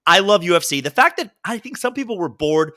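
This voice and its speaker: A man with a bright, fairly high voice chats casually as a podcast co-host. His delivery swings up and down as he tells joking stories, often breaking into laughs. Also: big pitch swings, brisk. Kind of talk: casual chat.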